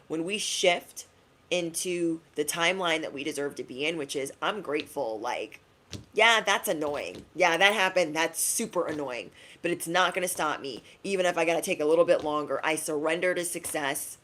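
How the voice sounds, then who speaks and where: A young woman giving a casual spiritual pep talk to her viewers, chatty and slangy, acting out quick asides. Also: low-pitched, a bit bright. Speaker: spiritual reader.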